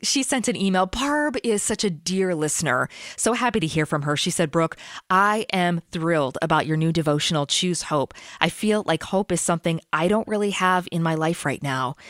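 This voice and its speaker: A woman's voice: sits low, no echo, studio quality. A woman hosting a faith-based radio show in a chatty, upbeat way, laughing easily as she talks to listeners. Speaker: podcast host.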